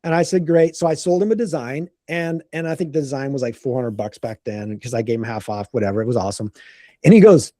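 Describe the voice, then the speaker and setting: A middle-aged man telling a business story on a group call in a casual, animated way, acting out quotes and often repeating words. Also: mid-range voice, fast, no room sound, studio quality. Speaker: landscaping business coach.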